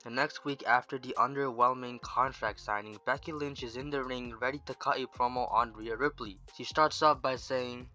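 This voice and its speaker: A man's voice: mid-range voice, steady tone, moderate pace, hardly any pauses, bright, forceful tone, soft background music. A man narrating a fantasy storyline in a casual scripted way, with offhand asides. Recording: dull lo-fi dry recording.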